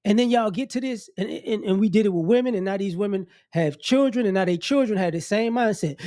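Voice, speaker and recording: A man's voice: high-pitched, lively intonation, a little fast, hardly any pauses, dark tone, no room sound, clean studio sound. A man hosting an opinion rant to camera, blunt and scolding, mocking the people he talks about and repeating his points. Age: adult. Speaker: commentary channel host.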